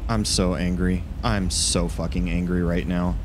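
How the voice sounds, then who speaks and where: A man's voice: sits low, little pitch movement, measured pace, noisy background. A man streaming live gameplay, talking to himself with frequent swearing and frustrated outbursts.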